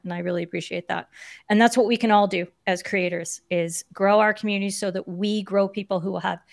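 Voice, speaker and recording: Woman guest on a livestream, earnest and encouraging, middle pitch. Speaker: guest, Discord consultant for creators. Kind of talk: casual live stream chat.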